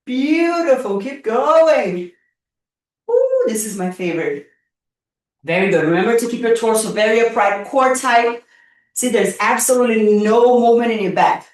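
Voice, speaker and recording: Playful workout coach in an echoey room. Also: female voice, fairly high pitch, animated, moderate pace, a little mellow, recorded from a distance. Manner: playful, encouraging coaching with counting and cheers. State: out of breath. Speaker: fitness instructor. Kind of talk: live online workout class.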